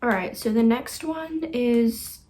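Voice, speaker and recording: A woman's voice: a little high, slow, a little mellow. A young woman hosting a reaction video, chatting casually and earnestly and getting easily moved.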